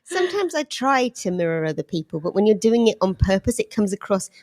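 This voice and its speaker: A woman in casual podcast chat, playful and earnest and quick to make fun of herself. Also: medium pitch, big pitch swings, a little mellow. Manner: playful, earnest, self-mocking.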